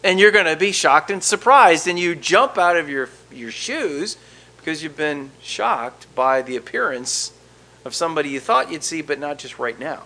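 A middle-aged man delivers a sermon in a bright, forceful voice pitched a little high. He drops to a near-hush for intimate moments, then rises to loud emphasis as he walks through a scripture text. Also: normal speed. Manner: expressive preaching, swinging from hushed to loud. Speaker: pastor.

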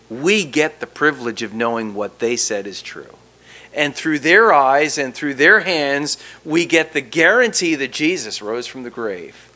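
A male preacher walks his congregation through a scripture passage. His voice is bright and sits a little high for a man. His delivery swings between emphatic bursts and hushed asides. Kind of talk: sermon.

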